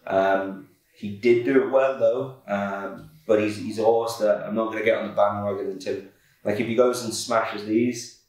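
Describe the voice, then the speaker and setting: Casual male racing tipster, low voice, laid-back, many ums, recorded far off in an echoey office. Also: fairly even intonation, moderate pace, darkish tone. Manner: laid-back, filler-heavy, self-correcting. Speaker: podcast co-host, racing tipster. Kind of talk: casual chat. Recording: echoey room, far from mic.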